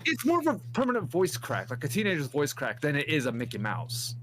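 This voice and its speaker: A man with a fairly high, lively voice, trading crude jokes in casual gaming chat. A faint hum runs underneath his voice. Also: fairly quick. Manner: joking, crude banter. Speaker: podcast co-host.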